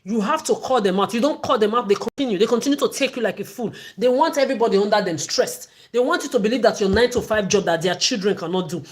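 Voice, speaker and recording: A woman holds forth on a livestream in a long, heated rant. She talks in an accusing way and circles back to the same words again and again. Her pitch sits in an ordinary middle range. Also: lively intonation, fast, few pauses. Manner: ranting, accusatory, repetitive.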